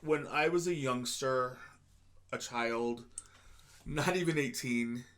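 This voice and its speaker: A man's voice: medium pitch, takes it slowly, a bit bright. A man co-hosting a podcast, telling laid-back stories in casual chat, swearing freely. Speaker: podcast co-host.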